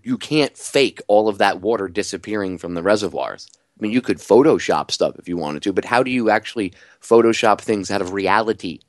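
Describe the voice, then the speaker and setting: A man hosting a talk radio show, delivering an animated, sarcastic monologue full of rhetorical questions. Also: lowish voice, no echo, clean studio sound.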